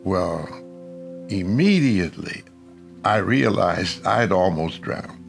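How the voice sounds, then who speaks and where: A man telling a personal faith story slowly and deliberately in a documentary. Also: sits low, animated, gravelly, faint music behind. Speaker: interviewee. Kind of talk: documentary testimony.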